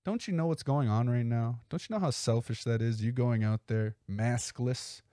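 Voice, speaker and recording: A man's voice: medium pitch, normal speed, warm tone, no echo, studio quality, lightly acted. A man voicing his young male roommate, who lectures him in an indignant, exasperated way. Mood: scolding.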